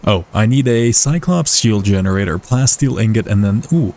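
A man's voice: on the low side, lively intonation, normal speed, mellow. A man giving casual, chatty commentary over his own gameplay, swearing freely and talking to the creatures on screen, from a desk mic. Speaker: let's play gamer.

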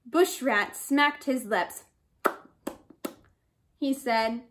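Slow expressive woman storyteller. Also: sits high. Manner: expressive, with sound effects. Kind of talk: reading a folk tale aloud.

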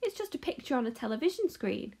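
Woman reading as a doubting know-it-all boy, scoffing and sharp. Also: on the high side, sing-song, fast, gravelly, husky, exaggerated voice. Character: scoffing smart-aleck boy. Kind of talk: storybook read-aloud.

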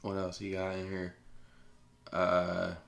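A podcast co-host talking in casual chat with a fairly low, steady voice, blunt and profane as he waves things off. The room around him rings with a noticeable echo. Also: slow, creaky. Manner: blunt, profane, dismissive banter. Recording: roomy echo.

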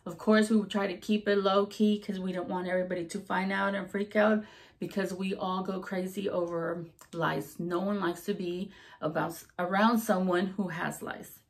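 Woman, casual storytelling, former salon manager, animated, acts out quoted voices, mid pitch. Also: normal speed.

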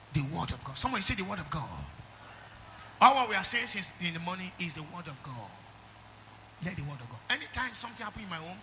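With slight noise in the background, a middle-aged pastor with a Nigerian accent preaches in a high voice. He calls out to the church congregation, alternating loud exhortation with quiet asides.

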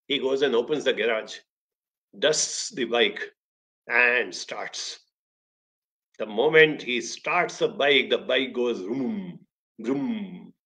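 A man's voice: medium pitch, pushed and bright, highs cut off. A man, hosting a motivational talk in an emphatic, storytelling way. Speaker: speaker, talk host.

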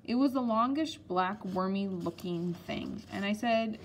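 Woman audiobook reader, relaxed storybook narration. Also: mid-range voice, a little hiss or hum. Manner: unhurried reading with small slips.

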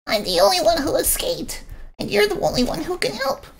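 A streamer voicing a small, timid blue alien creature from a storybook, squeaky and tearful. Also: animated, a little fast, gravelly, heavily acted. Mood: pleading.

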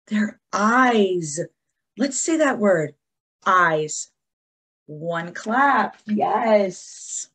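A woman teacher giving an encouraging lesson to young children, talking to them in an animated way. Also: medium pitch, extremely slow, husky.

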